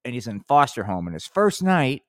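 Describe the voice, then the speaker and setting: A man's voice: mid-range voice, sing-song, moderate pace, a bit bright, no echo, studio quality. A man hosting a live podcast, talking in a rambling, profane way and often restarting his sentences. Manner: rambling, profane, self-interrupting. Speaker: podcast host.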